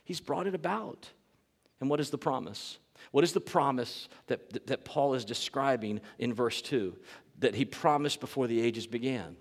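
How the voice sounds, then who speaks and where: A man's voice: mid-range voice, animated, normal speed, long reverb tail. A man preaching a sermon as pastor, earnest and emphatic, repeating key phrases for weight.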